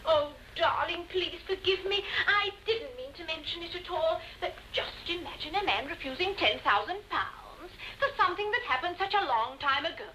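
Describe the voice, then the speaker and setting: A gushing, catty society busybody in a 1950s television drama, all honeyed sweetness. Her voice sits high and bright and swoops all over the place. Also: expressive, normal speed, few pauses, a little hiss or hum, heavily acted, poor audio. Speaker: visiting friend.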